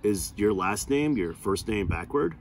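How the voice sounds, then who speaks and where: A man doing a quiet, slow boy. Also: lowish voice, lively intonation, a little hiss or hum. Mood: flat.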